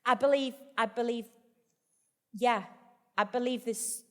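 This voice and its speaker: A woman's voice: on the high side, steady tone, a little slow, darkish tone, big-room sound. A woman vicar as the guest in a live stage conversation, chatty, jokey and self-deprecating. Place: festival event hall.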